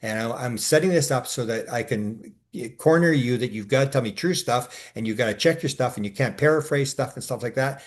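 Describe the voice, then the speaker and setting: A man co-hosting a casual discussion, talking in long rambling stretches full of restarts and filler sounds, and growing animated as he recounts his exchanges. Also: medium pitch, brisk, few pauses. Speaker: co-host.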